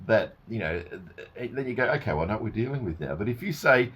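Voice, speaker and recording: Man, husky, animated radio co-host; acts out arguments, casual chat. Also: sits low, fast talker, hardly any pauses. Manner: lively, acts out arguments with his wife.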